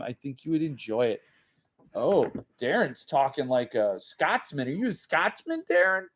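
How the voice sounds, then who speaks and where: With a medium-pitched voice that swings widely in pitch, this man talks at a normal speed during a casual home livestream for his book channel. He wanders from topic to topic and reads out comments from viewers.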